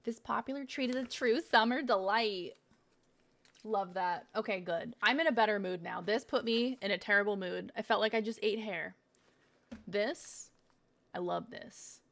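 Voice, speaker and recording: A woman's voice: medium pitch, moderate pace, gravelly, fairly bright tone. A young woman streaming, chatting casually and swearing a lot while she tastes snacks. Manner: chatty, swearing, laughing, talking while eating. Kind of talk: casual unboxing stream chat.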